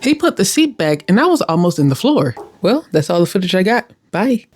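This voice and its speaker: A young woman telling a cooking mishap in casual voice-over, animated, exasperated and poking fun at herself. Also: lowish voice, brisk, slightly rough. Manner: animated and exasperated, self-deprecating. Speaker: cooking vlogger.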